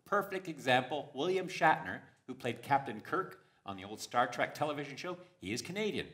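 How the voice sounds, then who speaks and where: A man performing stand-up comedy on stage, with a deadpan, punning delivery. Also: medium pitch, brisk. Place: stage before a live audience.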